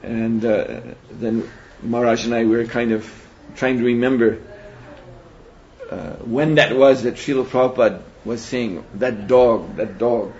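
A man's voice: medium pitch, steady tone, a little mellow. Man lecturing on a dull, hissy recording. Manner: measured, reflective, frequent hesitations. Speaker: seminar teacher. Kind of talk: spiritual lecture. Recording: dull lo-fi recording with faint hiss.

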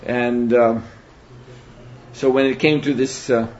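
A man teaching a spiritual seminar in a measured, reflective way, often pausing to hesitate. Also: mid-range voice, steady tone, a little mellow. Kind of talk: spiritual lecture. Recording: dull lo-fi recording with faint hiss.

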